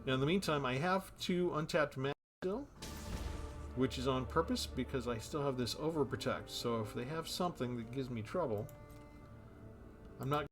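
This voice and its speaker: A man's voice: mid-range voice, moderate pace, over music. A man giving casual commentary on a card game he is playing, thinking aloud about his moves.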